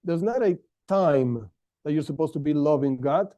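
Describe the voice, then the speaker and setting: A man's voice: on the high side, normal speed, warm tone. Man teaching a Torah class, stressing words. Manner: explanatory, stresses key words, frequent restarts.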